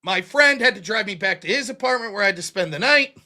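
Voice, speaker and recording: A man's voice: high voice, fast talker. A middle-aged American man hosting a livestream, telling stories casually with lots of swearing and laughter. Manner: profane, animated, laughs often. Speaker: livestream host. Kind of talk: casual storytelling.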